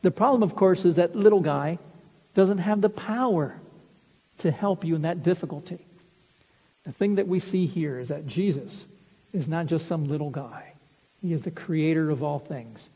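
A man's voice: fairly high pitch, normal speed, dark tone, breathy edge. A man preaching a sermon, earnest and explanatory, building his points with vivid everyday illustrations. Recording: reverberant hall, dull lo-fi sound.

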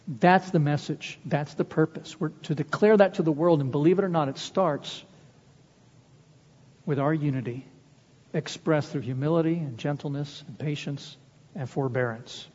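A male pastor delivering an impassioned sermon to his congregation, pushing his voice up higher and louder to drive points home. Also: moderate pace. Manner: impassioned, rising in pitch and volume to press points. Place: church sanctuary. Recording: long church reverb, dull lo-fi sound.

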